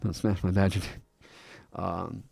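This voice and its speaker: A man's voice: sits low, little pitch movement, slow, gravelly, darkish tone, no room sound, faint music behind. A man chatting casually on a live stream into a desk microphone. He rambles, laughs often and swears freely. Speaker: streamer designing a game class.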